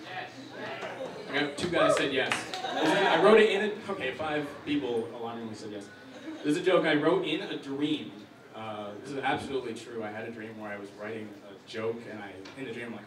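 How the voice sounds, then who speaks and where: A man's voice: mid-range voice, fairly quick. A man doing a stand-up comedy set, chatty and building up a story. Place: comedy stage in a hall. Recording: echoey hall, distant mic, faint hiss.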